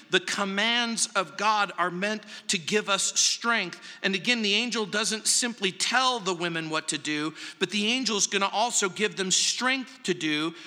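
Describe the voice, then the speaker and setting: A male pastor preaching slowly and deliberately, his high, bright voice carrying a long reverb through a large church hall. He leans on single words and often drops to a quiet, earnest tone. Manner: slow, emphatic preaching with long pauses, dropping soft for stress. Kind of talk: verse-by-verse sermon.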